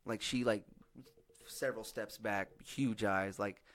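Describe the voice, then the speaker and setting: A hoarse young man hosting a podcast, telling a long story in casual, profane chat with lots of fillers. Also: fairly low pitch, a little slow. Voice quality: husky. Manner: profane, rambling, animated storytelling with many fillers. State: hoarse from yelling. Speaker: podcast host.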